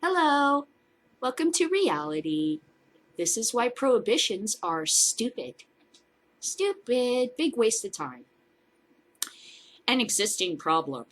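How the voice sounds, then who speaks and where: Sarcastic woman with a lively voice. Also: medium pitch, slow, long pauses. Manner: sarcastic, mocking, swears freely. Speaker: host of a cannabis news show. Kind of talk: casual news commentary.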